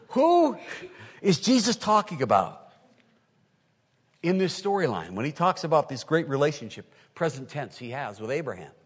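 Male pastor, high animated voice, long hall reverb. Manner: animated preaching, swinging from quiet to loud, plays out listeners' voices. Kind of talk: sermon. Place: large hall with an audience.

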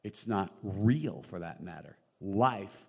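A man preaching a sermon in a small room, animated and quoting scripture, joking now and then with the congregation. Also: sits low, slow pace, creaky, slightly rough, big-room sound. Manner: animated, rising loud on emphasis, quoting scripture; jokey asides to the congregation. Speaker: pastor. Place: small room with long reverb.

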